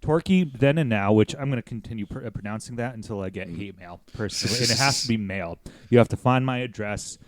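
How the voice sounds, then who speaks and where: A man's voice: on the low side, fast talker, no room sound. A man from the United States hosting a podcast, chatting casually and rambling with jokes and the odd swear word. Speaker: podcast host.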